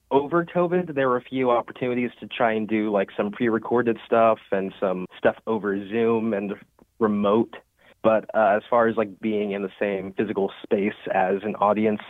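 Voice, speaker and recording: A man's voice: on the low side, no echo. Young male caller, chatty and upbeat, heard over a tinny phone line. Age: 20s. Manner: upbeat, chatty, many "like" fillers. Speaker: caller, student actor. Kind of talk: phone-in radio interview.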